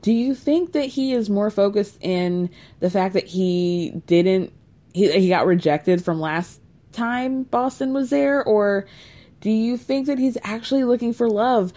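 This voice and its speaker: A woman hosting a casual recap of a reality show, talking to her viewers in an animated, gossipy way and laughing often. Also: mid-range voice, unhurried.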